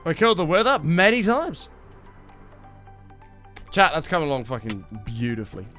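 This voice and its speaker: A young man chatting with his stream audience in an excitable, casual way, his voice worn and strained. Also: on the high side, moderate pace, faint music behind. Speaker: livestreamer.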